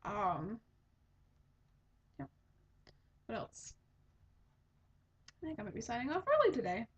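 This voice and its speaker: A woman's voice: on the high side, huge pitch swings, slow pace, slightly rough. Chatty young woman hosting a podcast. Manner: rambling, chatty, many fillers. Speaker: podcast host. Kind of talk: casual chat. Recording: dull lo-fi home recording.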